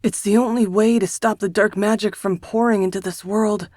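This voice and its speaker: A woman voicing Simon, gentle urgent brother. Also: medium pitch, fairly even intonation, normal speed, no echo, clean studio sound, lightly acted. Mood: tender urging. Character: protective young male mage brother, gentle.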